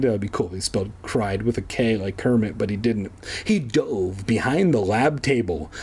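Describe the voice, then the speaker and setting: A man's voice: mid-range voice, breathy edge. A man reading a children's horror book aloud for comedy, breaking off for sarcastic, crude asides. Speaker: comedic reader. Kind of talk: comedic storybook reading with commentary.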